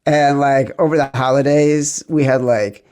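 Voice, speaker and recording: A middle-aged man hosts a sports betting podcast with playful, excitable energy. His voice sits at an ordinary pitch, and he stretches some words into sing-song calls before rattling on quickly. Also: clear, resonant tone. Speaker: podcast host.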